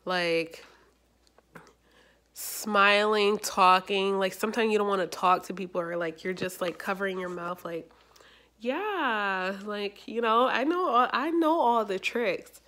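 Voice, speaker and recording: A young adult woman chatting casually in a vlog, rambling and animated, with lots of fillers. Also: mid-range voice, measured pace. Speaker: YouTuber.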